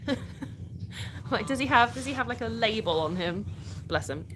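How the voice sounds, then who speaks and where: A woman's voice: fairly high pitch, normal speed, pauses often. British woman chatting on a livestream, answers comments, laughs a lot, faint hiss behind her. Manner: chatty, laughs often, answers viewers' questions. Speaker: livestream host. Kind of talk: casual live chat reading comments.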